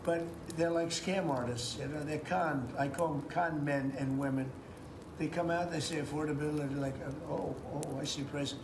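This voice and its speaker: A man's voice: fairly high pitch, steady tone, moderate pace, close to an everyday voice. A man doing a rambling, boastful politician. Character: boastful blustering male politician impression. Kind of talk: comedic impression in a video clip. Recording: roomy clip with background noise.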